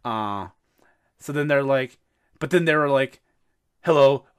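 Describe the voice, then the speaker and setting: A man hosting a podcast, telling a story in casual chat, animated and swearing freely. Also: mid-range voice, measured pace, clean tone. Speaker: podcast host.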